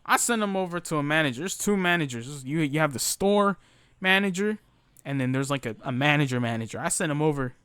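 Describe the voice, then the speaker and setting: A young man tells retail horror stories in a loose, cursing rant full of restarts and fillers. His voice sits a little high. The recording is close and dry. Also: lively intonation, a little fast, fairly bright tone, clear, resonant tone, no echo. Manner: profane, ranting, frequent fillers and restarts. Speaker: former retail worker telling stories. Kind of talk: casual storytelling rant.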